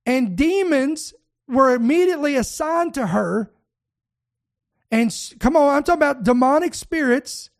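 A high-pitched older preacher hosts a spoken show, talking straight to the listeners. The delivery is animated and storytelling, with words doubled up as the thoughts run on. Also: unhurried. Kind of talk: preaching online talk show.

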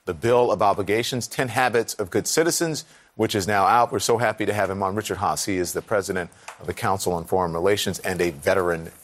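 A man's voice: sits low, fast talker. A man anchoring a morning news show, introducing stories and questioning a guest in a direct, conversational way.

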